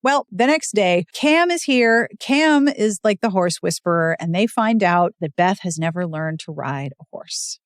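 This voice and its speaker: Animated woman recapping a romance novel. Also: lowish voice, unhurried, hardly any pauses, no echo, studio quality. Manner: animated retelling, acts out dialogue. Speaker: podcast co-host. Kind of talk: casual book recap chat.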